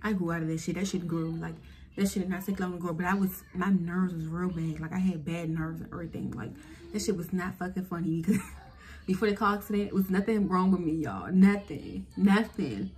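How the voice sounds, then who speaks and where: A young woman telling a story to her viewers in a casual vlog, animated and profane, speaking straight to the audience. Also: fairly low pitch, fast. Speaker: vlogger.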